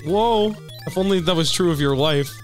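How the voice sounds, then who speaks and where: A young man chatting casually over a video game, excitable and teasing, laughing often. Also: fairly high pitch, moderate pace. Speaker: co-host watching a let's play. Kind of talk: casual gaming chat. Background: faint game music.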